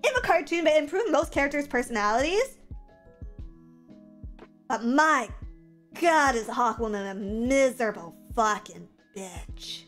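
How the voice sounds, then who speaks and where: A young adult woman livestreamer chatting casually, reading viewer comments aloud and reacting in an animated, profane, self-mocking way. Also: high-pitched, normal speed, soft background music.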